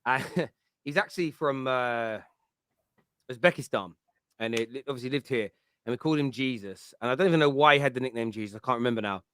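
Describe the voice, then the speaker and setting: Animated laughing host. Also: male voice, medium pitch, brisk, smooth, no echo. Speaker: podcast host. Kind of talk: casual chat.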